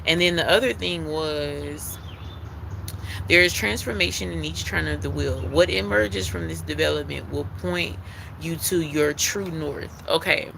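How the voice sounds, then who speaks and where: A man's voice: on the high side, unhurried, creaky, background noise. A man giving a live-streamed spiritual tarot card reading, talking in an earnest, repetitive way that leans on emphasis like a preacher.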